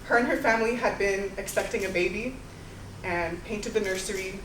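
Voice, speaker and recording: A young woman performing one-woman stage storytelling in a lively, casual way, often saying "like". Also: medium pitch, moderate pace, background noise. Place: theater stage. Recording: roomy live stage sound from far off.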